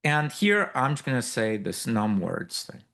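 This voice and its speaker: A man teaching a live workshop, walking through a software demo in a loose, explanatory way with many fillers and asides. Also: medium pitch, sing-song, unhurried, gravelly. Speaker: workshop instructor. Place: workshop room with a live audience.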